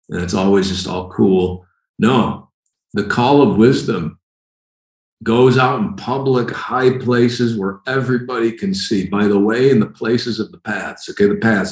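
A man with a lowish voice preaches a sermon, animated and fond of acting out the scenes he describes. The sound carries a noticeable room echo around him. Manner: animated, acts out scenes with sudden shouted lines.

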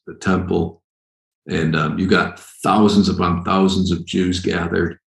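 A man with a lowish voice preaches a sermon, animated and fond of acting out the scenes he describes. The sound carries a noticeable room echo around him. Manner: animated, acts out scenes with sudden shouted lines.

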